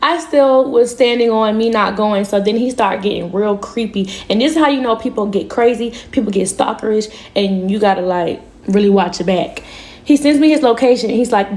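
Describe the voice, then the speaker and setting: A woman telling her viewers a personal story in a candid, slangy, animated way. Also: medium pitch, moderate pace, echoey room. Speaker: storytime vlogger. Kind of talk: casual storytime monologue.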